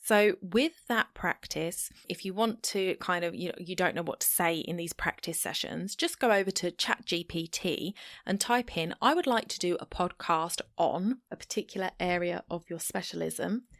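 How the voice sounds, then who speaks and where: A woman's voice: on the low side, moderate pace, fairly bright tone, no room sound, studio quality. A woman hosting a solo podcast, talking straight to the listener in a chatty, encouraging way. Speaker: podcast host. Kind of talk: solo podcast advice talk.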